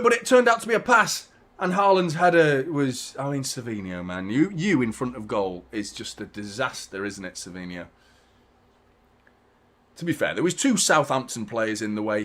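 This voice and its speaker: A man hosting a live football watchalong, reacting to the match with casual chat, swearing and bursts of shouting at big chances. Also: medium pitch. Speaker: host of a football watchalong stream.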